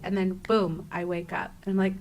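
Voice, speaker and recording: A young adult woman, a podcast guest, telling a personal story in a casual interview, animated and acting out her own exclamations, with frequent restarts. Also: lowish voice, normal speed.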